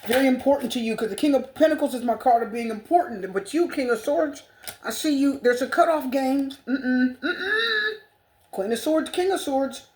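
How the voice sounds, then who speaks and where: A woman's voice: sits high, brisk, a little mellow. A woman giving a tarot reading to viewers, gushing and repetitive with a spiritual bent. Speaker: tarot reader.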